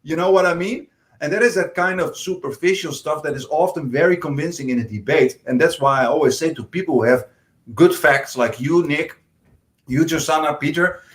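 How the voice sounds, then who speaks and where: A man's voice: a little high, a little fast. A male panel guest in a political discussion, explaining his points earnestly with many hesitant restarts. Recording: echoey room.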